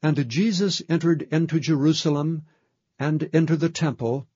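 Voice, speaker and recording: A man reading a Bible passage aloud in a slow, measured way. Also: a little high, darkish tone, slightly rough, no room sound. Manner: slow, measured reading of King James text. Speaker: scripture reader. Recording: dull, muffled, dry sound.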